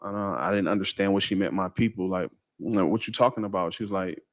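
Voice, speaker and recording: Low-voiced man recounting a story. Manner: halting, many fillers and restarts. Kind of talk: casual first-person account.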